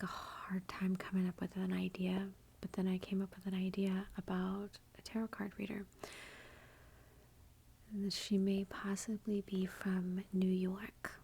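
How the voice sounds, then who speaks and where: A woman hosting an ASMR channel, chatting in a soft whisper about her gifts while feeling unwell, with a self-deprecating touch. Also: medium pitch, gravelly, husky. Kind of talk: whispered ASMR haul commentary.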